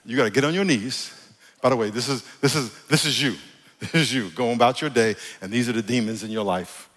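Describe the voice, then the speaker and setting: A man preaching a sermon in a large church, blunt and conversational, with jokes and words slowed down for emphasis. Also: medium pitch, a bit bright. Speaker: pastor. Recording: long reverb from a large hall.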